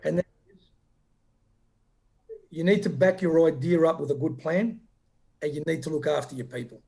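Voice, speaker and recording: A man answers interview questions in an earnest, upbeat way, often stumbling over the first words of a sentence. His voice is gravelly and mellow, sitting a little high. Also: normal speed. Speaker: company founder, guest.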